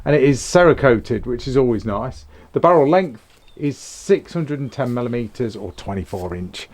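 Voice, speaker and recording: A man's voice: mid-range voice, expressive, normal speed, darkish tone. A man from England with an English accent, reviewing a rifle in a frank, matter-of-fact, casual way. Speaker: firearms reviewer.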